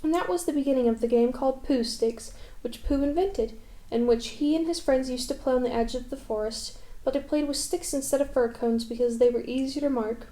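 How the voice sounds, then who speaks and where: A woman calmly reading a children's storybook aloud in a gentle manner. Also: high voice. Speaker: reader. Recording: echoey room.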